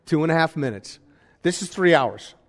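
A man's voice: a little high, expressive, normal speed. A man preaching a sermon in a church, talking conversationally and asking the congregation questions. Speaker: pastor. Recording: reverberant hall.

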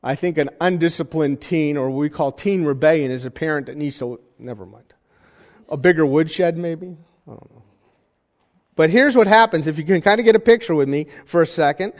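A man preaching a sermon in a conversational style, with jokey asides and animated emphasis. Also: fairly high pitch, a little fast, long reverb tail. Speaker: pastor.

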